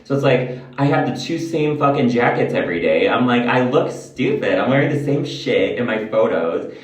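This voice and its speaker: A man's voice: medium pitch, animated, fairly quick. A man vlogging in a candid, rambling way, swearing freely as he chats to the camera. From United States. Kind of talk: casual chat to camera. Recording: roomy, mic at a distance.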